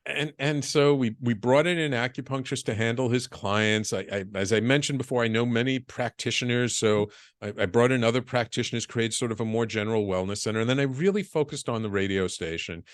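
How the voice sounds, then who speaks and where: A middle-aged man guesting on a podcast, telling his business story with lively acted-out dialogue and stumbling restarts. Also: mid-range voice, brisk, no room sound. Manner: animated storyteller, acts out quoted dialogue, frequent restarts. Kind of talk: storytelling interview.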